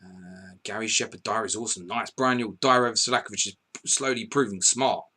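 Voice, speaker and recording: A man hosting a live fantasy football stream, excitedly reading out scores and viewer messages, swearing and laughing as he goes. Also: fairly low pitch, a little fast, breathy edge. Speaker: podcast host.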